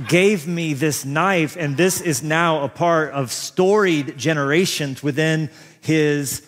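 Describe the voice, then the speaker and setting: Self-deprecating male preacher in a reverberant hall. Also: a little high. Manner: animated, self-deprecating, humorous storyteller. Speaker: pastor. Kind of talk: sermon with personal storytelling. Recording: long reverb of a large hall.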